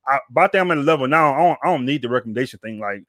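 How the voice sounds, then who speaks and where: A man hosting a podcast talks at a quick clip, rambling along and circling back on his words with casual slang. His voice sits at an ordinary pitch, and the sound is close and dry with no room around it. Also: animated, a bit bright, dry recording. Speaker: podcast host. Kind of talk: casual chat.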